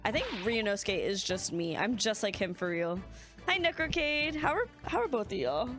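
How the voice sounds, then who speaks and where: A woman's voice: medium pitch, very animated, normal speed, a bit bright, faint music behind. A young woman streamer chatting casually and sleepily while playing a game and reading its lines aloud. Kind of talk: casual let's-play chat.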